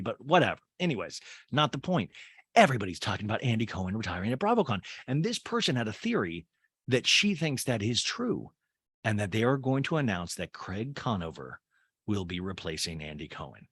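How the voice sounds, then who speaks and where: A man's voice: lowish voice, animated, fairly quick, fairly bright tone, no echo. A man hosting a podcast, giving a chatty, sarcastic recap of a TV episode with rambling asides. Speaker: podcast host. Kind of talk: casual recap commentary.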